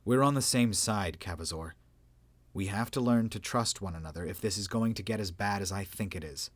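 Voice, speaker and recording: A man voicing a weary, resigned male hero who keeps dying and coming back, speaking low-key and dry. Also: a little fast, no echo, natural voice. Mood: earnest.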